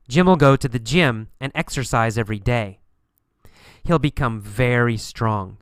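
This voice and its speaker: Male English teacher for an audio lesson; resonant, deliberate, repeats key phrases, dead-dry room. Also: medium pitch, smooth, no echo. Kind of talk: recorded language lesson.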